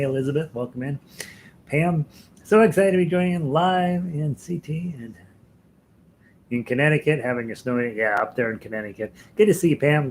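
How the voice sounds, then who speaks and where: A man's voice: medium pitch, a little hiss or hum, low-quality recording. An American man hosting a live ukulele lesson stream, chatting casually with viewers, chuckling often and rambling with fillers and restarts. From United States.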